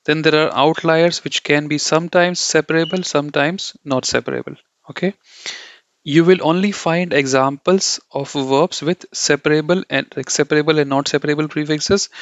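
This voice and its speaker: A man's voice: a little high, fairly even intonation, normal speed, no echo. A man teaching German from slides in a casual, rambling way, repeating himself and checking in with "okay?" and "you know". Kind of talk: casual slide-based lesson. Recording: dry, dull lo-fi sound.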